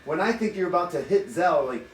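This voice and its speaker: Man, fairly high voice, casual vlog chatter, swearing, echoey room. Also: a little fast, a little hiss or hum. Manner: animated, profane, teasing. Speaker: vlogger. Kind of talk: casual chat. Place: hotel room. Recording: echoey room, mic at a distance.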